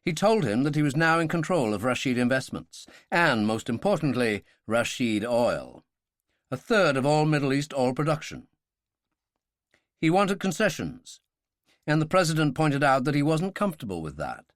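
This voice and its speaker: A man's voice: mid-range voice, sing-song, normal speed, no echo, studio quality, close to an everyday voice. A man voicing an earnest male official giving a briefing in an explanatory way.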